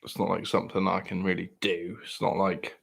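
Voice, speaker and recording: A man's voice: deep voice, flat delivery, a little fast, creaky, breathy edge. Jokey West Country man chatting. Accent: West Country English. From South West England. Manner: jokey, laughs often, swears. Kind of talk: casual banter.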